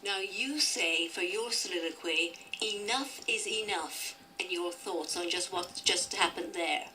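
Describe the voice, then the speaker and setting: A woman in her sixties, a drama teacher, talking warmly and fondly as a guest in a radio studio interview. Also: fairly low pitch, unhurried, recorded from a distance, slight background noise, poor audio. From Britain. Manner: warm, fond and encouraging, with gentle restarts.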